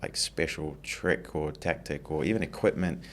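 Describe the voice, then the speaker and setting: A man, a content creator guest on a podcast, talking in a relaxed, easygoing way with lots of 'you know'. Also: rumbling low, moderate pace. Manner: relaxed, easygoing, says 'you know' often, laughs lightly. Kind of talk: casual interview chat.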